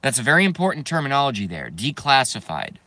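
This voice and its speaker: Male streamer, rambling profane rant to chat, nervous giggler, forceful bright voice, dry close sound. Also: medium pitch, wildly swooping pitch, quick pace, no room sound. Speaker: YouTube streamer.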